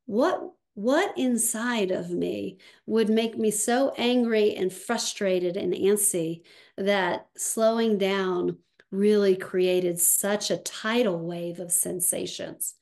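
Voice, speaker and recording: A woman talks slowly and thoughtfully as an interview guest. She leaves soft pauses between her thoughts, and her voice sits at an ordinary middle pitch. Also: steady tone, gravelly. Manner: slow, reflective, with soft pauses. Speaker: guest, somatics practitioner. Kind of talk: conversational interview.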